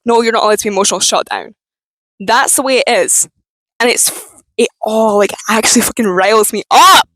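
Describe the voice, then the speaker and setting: A young woman speaks to camera in a frank personal talk, cursing freely and breaking off mid-thought. Her voice sounds strained and tense, and it sits at an ordinary middle pitch. The sound is dry and close. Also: no echo, poor audio. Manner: frank, swears freely, halting restarts. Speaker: vlogger.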